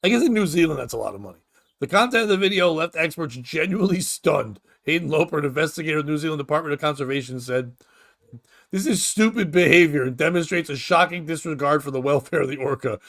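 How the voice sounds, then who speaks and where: High-voiced man ranting for comedy. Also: fast talker, creaky. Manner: animated, profane, laughs at his own jokes. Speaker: comedy podcast host. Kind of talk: profane comedic news rant.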